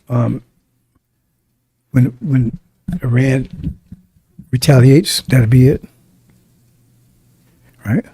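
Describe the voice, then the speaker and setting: A man's voice: mid-range voice, warm tone, breathy edge, no room sound. A man preaching a sermon in an emphatic, repetitive way, often turning to ask his listeners if they understand.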